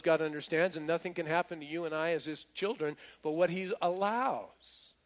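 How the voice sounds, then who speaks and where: A male pastor preaches a sermon in a relaxed, slangy storytelling manner, often restarting his words. His voice sits somewhat high for a man.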